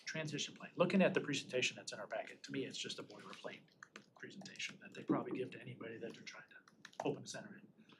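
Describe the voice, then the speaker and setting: A man's voice: mid-range voice, fast talker, gravelly. A man commissioner speaking in committee debate, assertive and opinionated. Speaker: county commissioner. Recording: meeting room with faint noise.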